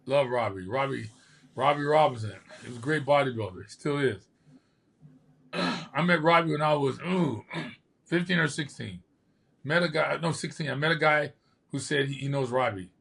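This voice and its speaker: A man's voice: mid-range voice, normal speed, vocal fry, breathy edge. An older man, a podcast host and former bodybuilder, telling stories casually and acting out the quotes. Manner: lively storyteller who acts out quotes. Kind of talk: casual storytelling.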